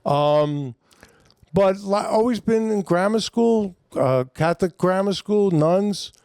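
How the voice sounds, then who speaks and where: A man's voice: high-pitched, animated, slow, gravelly, darkish tone, smooth, no room sound, clean studio sound. An older man, a comedian telling long stories on a podcast in a loose, rambling, profane way. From New York. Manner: rambling, profane, acts out quoted voices. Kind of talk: casual storytelling chat.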